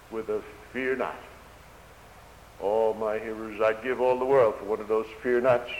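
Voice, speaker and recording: Preacher man with a rising and falling cadence. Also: mid-range voice. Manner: swells loud then drops to a hush, old-fashioned preaching cadence. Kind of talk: sermon. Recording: echoey hall with faint hiss.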